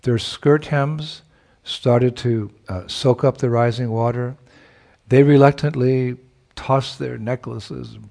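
Retelling a sacred story as a sermon, this preacher speaks thoughtfully in a medium-pitched, gravelly voice with a darkish tone. At times he laughs softly, and he stops here and there to find the right word.

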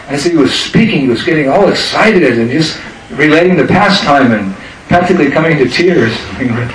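A man recounts a devotional tale in a lecture, animated and quick to laugh. He sits well back from the microphone, and the room around him is echoey. Steady ambient noise runs underneath. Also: fairly high pitch. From United States. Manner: animated, laughs through his telling. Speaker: spiritual teacher. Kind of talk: storytelling religious lecture. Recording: roomy, distant mic with ambient noise.

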